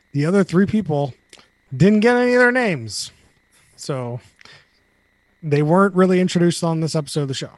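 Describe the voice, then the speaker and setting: A man hosting a casual podcast discussion. His voice sits a touch high and moves a lot in pitch. The sound is dry and close to the mic. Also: a little mellow, no echo. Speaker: podcast host. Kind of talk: casual chat.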